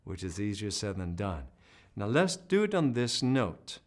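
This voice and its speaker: A man's voice: lowish voice, very animated, measured pace, over loud music. A man teaching a singing lesson, coaching and demonstrating vocal sounds and sung notes, with encouraging talk.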